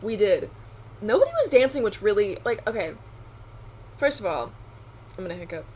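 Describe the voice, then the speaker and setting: A young adult woman co-hosting a podcast, chatting casually with quick asides and frequent laughter. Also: mid-range voice, lively intonation, darkish tone, slightly rough. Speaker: podcast co-host. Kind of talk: casual chat.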